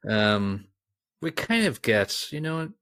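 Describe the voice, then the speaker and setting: A man's voice: mid-range voice, very animated, takes it slowly, a bit bright, clean tone, no echo, studio quality. A man co-hosting a podcast, chatting casually about a film with rambling restarts and asides. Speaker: podcast co-host. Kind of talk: casual film review chat.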